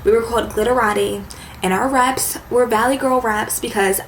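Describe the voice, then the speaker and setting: A woman's voice: fairly high pitch, steady tone, moderate pace, a little hiss or hum. A young woman chatting casually to camera as a beauty vlogger, with a valley-girl lilt and lots of "like". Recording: echoey room with faint ambience.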